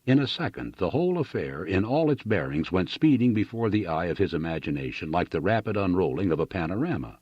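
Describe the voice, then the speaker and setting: A man narrates a novel with expressive, dramatic reading. His voice is low and husky, moving lively up and down. The recording is dry and dull. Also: fairly quick, few pauses, no room sound. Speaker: audiobook narrator. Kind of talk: scripted narration.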